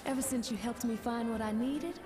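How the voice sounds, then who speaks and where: A woman's voice: a little high, fairly even intonation, fairly quick, mellow, lightly acted. A woman voicing an earnest, polite young woman who dreams of a restaurant, in game audio with music. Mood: grateful.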